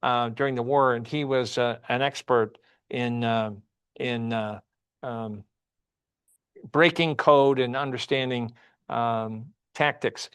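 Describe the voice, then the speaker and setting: A man's voice: mid-range voice, steady tone, slow pace, a bit bright, clear, resonant tone. A man teaching a church Sunday class, often asking the class questions and repeating himself.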